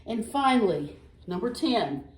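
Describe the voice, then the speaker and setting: A woman's voice: medium pitch, very animated. Woman teacher, patient, careful reading aloud, echoey room, distant mic. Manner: slow, patient, reads sentences aloud carefully. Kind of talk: recorded classroom lesson.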